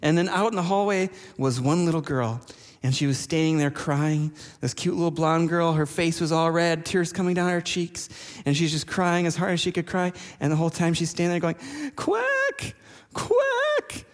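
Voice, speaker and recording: A man preaching a sermon, telling personal stories with self-deprecating humor. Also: high voice. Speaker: pastor. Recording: long church reverb.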